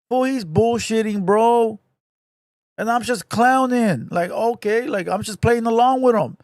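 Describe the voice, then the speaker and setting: A man with a notably high speaking voice tells a story on his livestream, loose and profane, full of slang and repeated phrases. His voice sits dry and close, with no room sound around it. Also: measured pace, no echo. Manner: profane, slangy, animated retelling; repeats phrases, addresses listener as bro. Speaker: livestream host.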